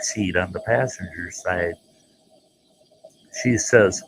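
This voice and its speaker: Gravelly low-voiced man telling a story. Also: takes it slowly, long pauses, a little hiss or hum, poor audio. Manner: folksy, animated, jumps into voices for the people he quotes. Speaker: storyteller host. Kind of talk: casual spoken storytelling.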